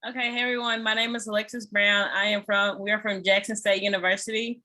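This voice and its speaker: Woman, bright voice, short and slightly unsure. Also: medium pitch, flat delivery, fast. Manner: brief, slightly unsure answers. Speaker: student team member. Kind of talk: casual introduction. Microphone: video call.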